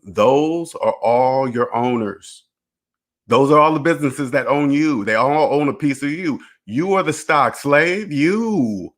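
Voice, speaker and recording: A man's voice: mid-range voice, animated, a little slow. A man hosting his own personal finance channel, talking straight to the camera in a blunt, preachy way, firing rhetorical questions, swearing casually and laughing briefly. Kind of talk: casual direct-to-camera monologue.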